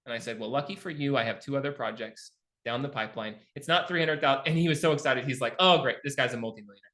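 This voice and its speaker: A man's voice: medium pitch, fast, a bit bright. A middle-aged man coaching a live online class on real estate investing, telling stories and acting out both sides of his phone calls. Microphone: video call.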